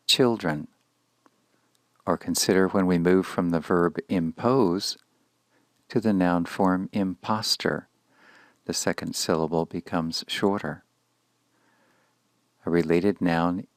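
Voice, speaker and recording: Slow, gravelly-voiced man teaching grammar. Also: sits low, dry recording. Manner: slow, measured, explanatory. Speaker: Hebrew teacher. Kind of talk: recorded grammar lecture.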